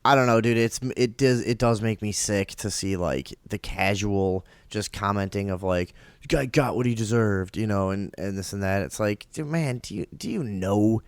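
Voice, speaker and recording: A man's voice: lowish voice, moderate pace, clean tone, no echo. A man co-hosting a talk show, ranting heatedly and profanely with many restarts. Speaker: podcast co-host.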